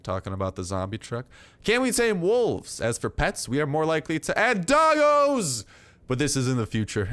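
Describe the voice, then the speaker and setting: A man's voice: medium pitch, fairly bright tone. A young man giving casual, rambling commentary over his gameplay, full of fillers and jokes. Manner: rambling, filler-heavy, jokey. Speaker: gaming YouTuber.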